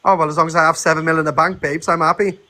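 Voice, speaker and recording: High, bright teasing man. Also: level tone. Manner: teasing, quick jabs, defensive. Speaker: guest on a live stream. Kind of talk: live-stream banter.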